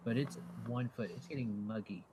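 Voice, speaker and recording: Guy running a tabletop game, easygoing and halting, bit of room noise. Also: mid-range voice. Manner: relaxed, halting narration with fillers. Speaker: game master.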